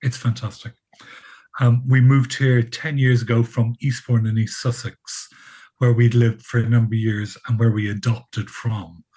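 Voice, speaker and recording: A man's voice: mid-range voice, level tone, moderate pace, dark tone, breathy edge, low-quality recording. A man in his sixties with an Irish accent, telling stories as a podcast guest with dry humour. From Ireland. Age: 60s. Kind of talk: casual podcast chat.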